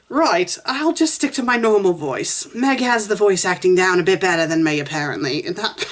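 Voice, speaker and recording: A woman's voice: mid-range voice, animated, normal speed, slight background noise. Woman fanfic critic reading aloud, wry commentary between lines. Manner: wry, giggly asides. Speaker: fan fiction critic. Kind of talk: reading a fan story aloud with asides.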